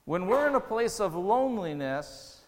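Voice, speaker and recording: A man preaches a sermon, earnest and conversational, pushing up into emotional peaks. His voice sits a little high for a man. It rings with the long reverb of a church hall. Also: sing-song, normal speed, a little mellow. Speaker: pastor.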